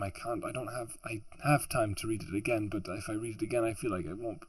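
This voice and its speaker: A man's voice: fairly low pitch, steady tone, fast talker, no echo. A man who narrates audiobooks as a hobby, ranting in exasperation with a sore throat, rambling with restarts and sighs, recorded at home on a laptop mic. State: sore throat, hot and sweaty. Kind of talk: frustrated off-script rant. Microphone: laptop mic behind a makeshift pop filter.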